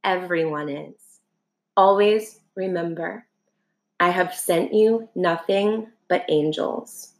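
A woman voicing a calm, all-knowing God who speaks slowly in a low, hushed tone. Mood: serene. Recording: roomy echo.

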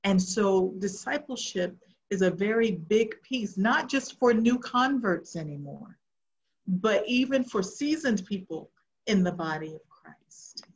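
A middle-aged woman preaching a sermon, telling an earnest personal testimony and going soft and hushed at the tender moments. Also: mid-range voice, expressive, unhurried. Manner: earnest, storytelling, drops to soft tones for emotional moments. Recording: muffled lo-fi sound.

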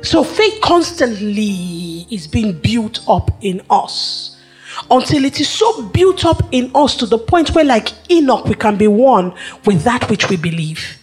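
A woman preacher delivering a sermon with rhythmic, repetitive phrasing and emphatic pauses. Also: on the high side, very animated, a little mellow, breathy edge, soft background music.

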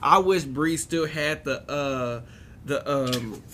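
A man's voice: a little high, slow pace, pushed and bright, a little hiss or hum. A man in casual chat with friends, telling a story with lots of laughter.

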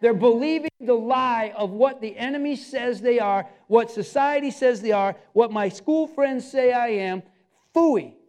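Male pastor with a very high voice, preaching in an emphatic, repetitive style straight at the congregation. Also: moderate pace, few pauses, darkish tone. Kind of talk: sermon.

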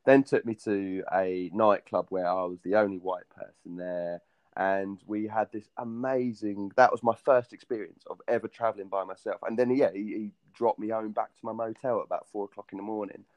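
A young English man in casual chat, telling a travel story with lively acted-out quotes. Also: fairly low pitch, moderate pace, no echo. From Britain.

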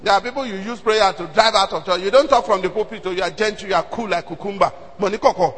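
A man with a Nigerian accent preaching a sermon, telling stories in an animated way that swings from hushed asides to shouts. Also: sits high, fast, hardly any pauses, husky, big-room sound. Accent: Nigerian, Yoruba-speaking. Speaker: pastor.

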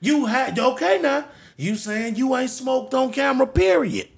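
A man co-hosting a podcast, joking loudly with profane, laughing banter. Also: very high-pitched, lively intonation, measured pace, vocal fry, husky. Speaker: podcast co-host. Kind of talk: casual chat.

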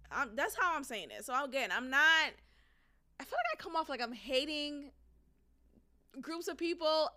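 A woman's voice: high voice, bright, forceful tone, clean tone. A woman hosting a podcast and talking bluntly, profanely and with frequent laughter in casual opinionated commentary. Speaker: podcast host; former teacher.

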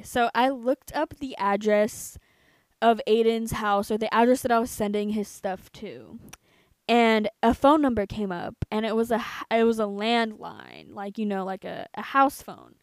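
A young woman in her twenties from the United States, telling a story on a podcast in a casual, profane, animated way. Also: fairly high pitch, no room sound. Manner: profane, animated, quotes herself and others. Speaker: podcast co-host.

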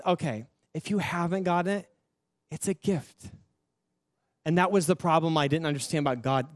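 A young adult man, a pastor, sharing his personal testimony in an earnest, emotional storytelling manner with soft laughs. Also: a little high, no echo, studio quality.

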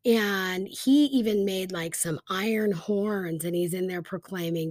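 A woman's voice: mid-range voice, a little slow, few pauses, no room sound, clean studio sound. Chatty woman retelling a Bible story. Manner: chatty, animated retelling with lots of fillers. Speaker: Bible teacher.

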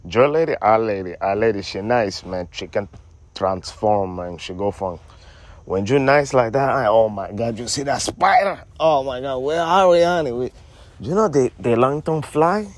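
A man's voice: fairly low pitch, lively intonation, moderate pace, no room sound. Slangy rambling man on a podcast. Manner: rambling, slangy, calls everyone honey and man. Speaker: podcast co-host. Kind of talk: casual comedic podcast banter.

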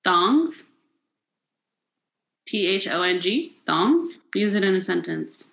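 A woman from the United States in casual chat, guessing words with quick, jokey humor. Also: mid-range voice, big pitch swings, gravelly, fairly bright tone. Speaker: guesser in a word game. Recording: echoey room.

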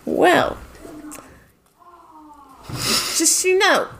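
Woman GM narrating a tabletop game, slow and laid-back, pitch rising and falling a lot. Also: big pitch swings, fairly bright tone, slight background noise. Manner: laughing, casual, many fillers. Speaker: game master.

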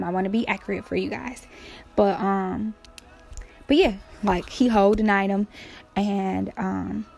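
A woman's voice: medium pitch, gravelly, darkish tone. A woman casually retelling Bible stories in slang, acting out the quotes with playful energy.

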